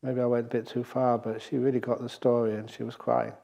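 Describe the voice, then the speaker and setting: Male monk, retreat talk, animated storyteller, mid-pitched voice. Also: brisk, gravelly, lo-fi sound. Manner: lively storytelling, laughs at own jokes. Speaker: Buddhist monk teacher. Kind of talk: dharma talk at a meditation retreat.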